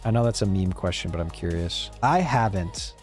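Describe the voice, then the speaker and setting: A man's voice: deep voice, animated, moderate pace, soft background music. A man casually rambling to his chat while streaming a game, laid-back and swearing now and then. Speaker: live streamer. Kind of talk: casual gameplay commentary talking to chat.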